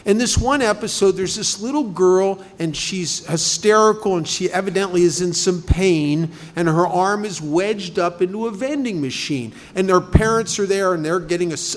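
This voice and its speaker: A man's voice: high voice, slight background noise. A man speaking at a recovery group study, talking conversationally and asking many rhetorical questions. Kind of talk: recovery talk.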